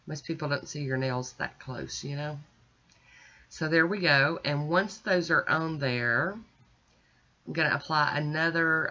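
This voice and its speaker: A woman's voice: low-pitched, bright, forceful tone, muffled recording. A woman chatting casually as she narrates each step of her nail art, self-deprecating and easygoing. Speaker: nail art video creator.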